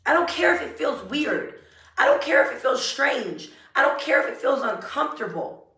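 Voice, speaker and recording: A woman giving an earnest, emotional motivational talk, repeating affirmations slowly. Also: high voice, big pitch swings, bright, forceful tone. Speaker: self-help vlogger. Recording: roomy echo, a bit far from mic.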